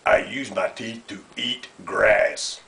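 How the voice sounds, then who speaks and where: A man's voice: lowish voice, fairly even intonation, takes it slowly, creaky, a bit bright, a little hiss or hum, heavily acted. A man voicing a friendly, hungry male bear puppet who talks about cake. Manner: friendly, chatty about food.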